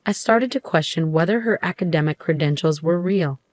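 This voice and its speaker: A middle-aged woman telling a first-person story in a steady, measured way. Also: low-pitched, no room sound. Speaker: narrator.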